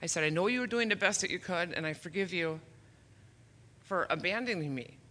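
A woman's voice: fairly low pitch, lively intonation, a little fast, bright, forceful tone. A woman in her fifties giving a personal testimony at a church service, earnest and emotional, a little nervous, with flashes of self-deprecating humor. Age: 50s.

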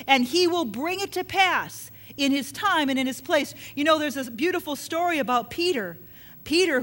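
A woman's voice: sits high, fairly bright tone. A woman preaching a sermon, emphatic and repetitive, often putting questions to her listeners.

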